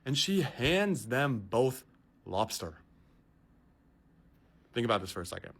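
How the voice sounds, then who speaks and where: A man's voice: mid-range voice, sing-song, a little slow, gravelly, a bit bright, slightly rough. A man telling a story in a casual, exasperated and incredulous way.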